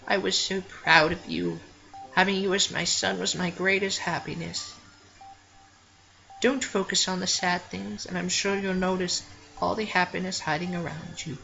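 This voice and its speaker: A woman's voice: lowish voice, little pitch movement, moderate pace, gravelly, pushed and bright, dull audio, faint music behind. A woman playing a frail, tender dying mother. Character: dying elderly mother, gentle and apologetic.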